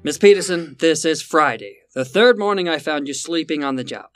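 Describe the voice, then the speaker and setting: An actor playing an exasperated, sarcastic boss in a 1940s radio sitcom, with a blustering delivery. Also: male voice, a little high, lively intonation, normal speed, faint music behind, lightly acted. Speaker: law office boss.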